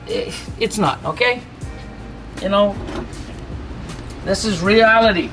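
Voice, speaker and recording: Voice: mid-range voice, unhurried, long pauses, fairly bright tone, soft background music. A ball python breeder giving a casual hands-on feeding demonstration, chatty and reassuring, with mock-panicked asides, indoors beside snake enclosures.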